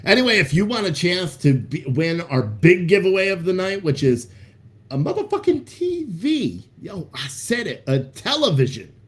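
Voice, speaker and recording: A man's voice: sits high, sing-song, normal speed, hardly any pauses. A man hosting a live stream, chatting casually with viewers in a loose, profane, hyped-up way. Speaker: livestream host selling coffee.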